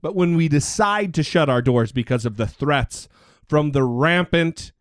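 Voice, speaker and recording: A man's voice: on the high side, a little slow, dry recording, studio quality. A man co-hosting a political podcast, talking casually in a sarcastic, outspoken way. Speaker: podcast co-host.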